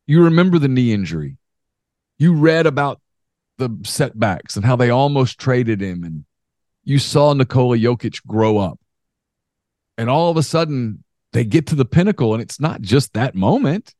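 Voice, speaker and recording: A man co-hosting a sports podcast, telling stories in an animated, emphatic way. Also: mid-range voice, normal speed, no room sound, clean studio sound. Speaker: podcast co-host. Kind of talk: casual sports talk.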